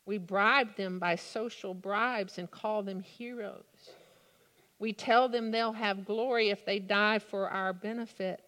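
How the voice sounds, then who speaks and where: A woman preaching a sermon in a slow, deliberate way with dramatic pauses. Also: medium pitch, steady tone, fairly bright tone. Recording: long hall reverb.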